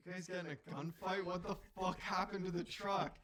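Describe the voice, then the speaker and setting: A man's voice: high voice, fairly even intonation, a little fast, fairly bright tone. A man voicing his blunt male boss at the shop, who curses in surprise. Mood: shocked. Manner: blunt, cursing. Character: gruff male work boss, shocked.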